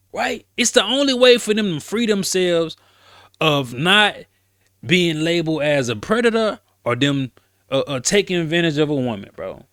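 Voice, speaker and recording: A man's voice: a little high, expressive, normal speed, a bit bright, no room sound, studio quality. A man hosting a casual commentary show, talking bluntly and emphatically in slang, often repeating words as he rants. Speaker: commentary host.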